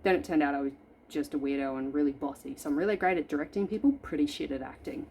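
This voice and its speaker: Lively, chatty woman doing a makeup tutorial. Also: deep voice, fast talker, slightly rough. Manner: animated, playful and self-deprecating. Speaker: makeup vlogger. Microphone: camera in front of her.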